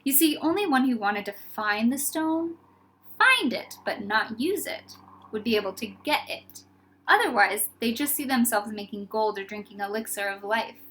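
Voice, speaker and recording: A woman's voice: a little high, expressive, normal speed, fairly bright tone, slight background noise. A woman voicing a dreamy, whimsical old male headmaster in a storybook reading. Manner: dreamy, playful.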